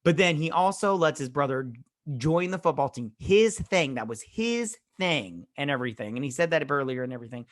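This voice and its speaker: A man's voice: on the high side, expressive. Guy rambling thru an episode recap, super casual, slangy, keeps acting out little quotes. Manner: rambling, slangy storytelling with quick acted quotes. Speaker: host reviewing a TV episode.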